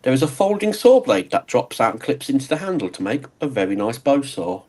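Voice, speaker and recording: A man's voice: medium pitch, very animated, brisk, a little mellow, poor audio. A British man in casual conversation on a live stream, with dry, wry humor. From Britain. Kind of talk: casual chat.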